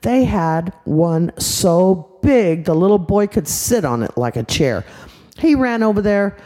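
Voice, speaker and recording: An older woman tells an improvised bedtime story in a chatty way, tossing in sound effects. Her voice is mellow and swings widely in pitch. She keeps it warm and easygoing. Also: animated, a little slow. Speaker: storyteller grandmother.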